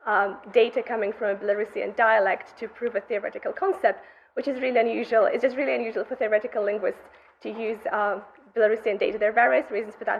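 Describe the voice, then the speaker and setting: Heard on a dull, muffled recording with slight background noise, a young woman pursuing graduate studies gives a conference lecture on her research. She speaks in a high-leaning voice with a methodical, explanatory manner.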